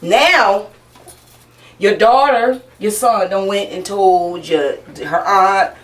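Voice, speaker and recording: A woman hosting a casual panel talk show, loud, brash and profane, laughing often. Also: medium pitch, takes it slowly. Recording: echoey room, mic far off.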